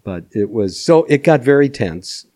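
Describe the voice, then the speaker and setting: An older man, a former music manager and podcast guest, telling animated stories with frequent laughter. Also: medium pitch, measured pace. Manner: animated, laughs often, acts out voices. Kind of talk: anecdotal storytelling.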